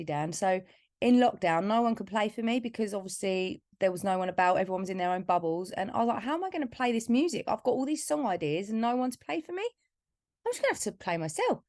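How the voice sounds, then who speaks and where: Her voice is mid-range and gravelly, captured dry and clean in a studio: a singer-songwriter from Essex, England, being interviewed casually for a podcast. She shares candid, heartfelt stories laced with plenty of "like."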